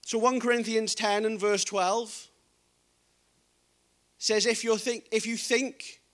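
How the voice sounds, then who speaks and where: Speaking slowly and in a level tone, a high-voiced man delivers a sermon. Soft scripture readings give way to preaching that turns forceful and emphatic.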